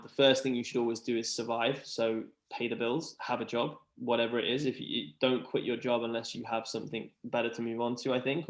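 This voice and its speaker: A man chatting earnestly about mental health, rambling with lots of fillers. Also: mid-range voice. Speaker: podcast guest. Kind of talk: casual chat. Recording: roomy echo.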